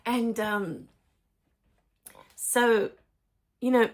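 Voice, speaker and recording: Middle-aged woman, gentle spiritual teacher, soft and emotional delivery with frequent fillers. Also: a little high, drawn-out words. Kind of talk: personal spiritual storytelling.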